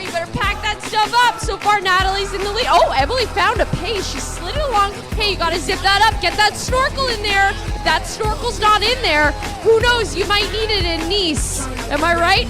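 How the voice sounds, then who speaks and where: A woman hosting a between-innings contest, upbeat and playful with lots of teasing asides. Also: very high-pitched. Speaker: in-game host. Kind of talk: energetic stadium contest hosting.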